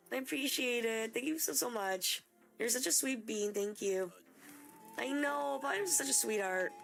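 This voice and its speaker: A young woman hosting a live game stream, chatting excitably and gushing thanks to her viewers. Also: high-pitched, vocal fry. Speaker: livestream host. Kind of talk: casual live-stream chat.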